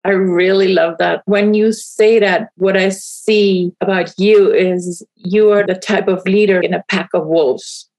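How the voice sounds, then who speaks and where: A woman's voice: mid-range voice, fairly even intonation, measured pace, few pauses, a little mellow, low-quality recording. A woman hosting a podcast, introducing her guest and asking questions with enthusiasm. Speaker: podcast host.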